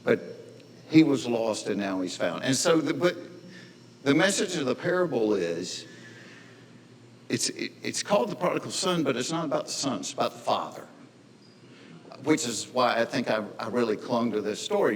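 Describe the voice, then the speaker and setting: A man's voice: medium pitch, lively intonation, normal speed, pauses often. Folksy man telling a story in a hall. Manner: folksy, conversational, acts out characters in voices. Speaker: speaker at a men's gathering. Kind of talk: storytelling talk to an audience. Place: large hall with audience. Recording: long hall reverb, faint noise.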